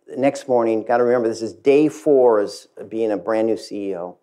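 A middle-aged man, a company chief, tells a story from his career to an audience, lively and speaking straight to the listeners. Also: medium pitch, moderate pace. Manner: animated, addresses the audience directly. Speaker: CEO giving a talk. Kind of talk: storytelling keynote talk.

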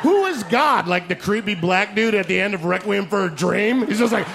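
A man doing a stand-up set, brash and profane, shouting his punchlines on a handheld stage mic. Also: sits high, lively intonation, moderate pace, vocal fry, few pauses. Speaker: stand-up comedian. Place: comedy club stage. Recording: crowd laughter, noisy club. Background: laughing crowd.

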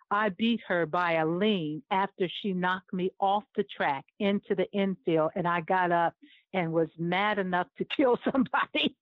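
A woman in her seventies recounts a personal story with vivid, emotional storytelling and frequent laughter, her voice at a middle pitch. The sound is tinny and phone-like, with a dry, close feel. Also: dry recording. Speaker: former Olympic runner and sports chaplain, interview guest.

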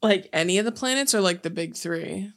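A woman's voice: medium pitch, brisk, gravelly. A young adult woman co-hosting a podcast in casual chat, blunt and outspoken, swearing freely. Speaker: podcast co-host.

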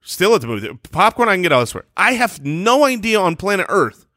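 A man in his thirties co-hosting a podcast, teasing his friends in playful, animated casual banter. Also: high-pitched, no echo, studio quality. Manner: playful, animated, quick to tease. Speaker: podcast co-host.

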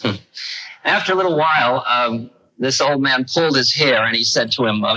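A man's voice: medium pitch, moderate pace, pushed and bright, poor audio. A man telling a personal story in a conversational, self-mocking way, with restarts and asides. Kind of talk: storytelling talk.

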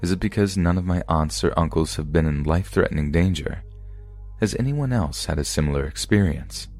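A man reading true scary stories aloud as a podcast narrator, in a calm, even storytelling delivery. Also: low voice, brisk.

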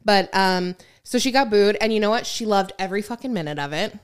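A woman's voice: medium pitch, lively intonation, a little fast, clean tone. A woman co-hosting a podcast in casual, gossipy chat, swearing now and then. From Michigan. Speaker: podcast co-host.

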